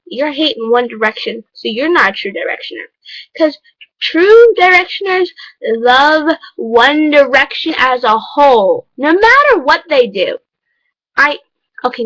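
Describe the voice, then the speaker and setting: A woman's voice: sits high, fairly bright tone, no room sound, rough recording. A woman vlogger talking to camera in an emphatic, lecturing, chatty way. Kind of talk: casual vlog monologue.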